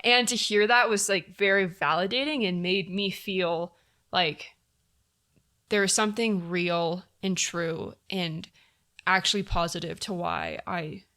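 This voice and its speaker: A woman's voice: fairly low pitch, steady tone, a little slow, pushed and bright. A young woman telling a personal story on a podcast in a candid, casual way, full of fillers and blunt swearing. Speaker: podcast guest.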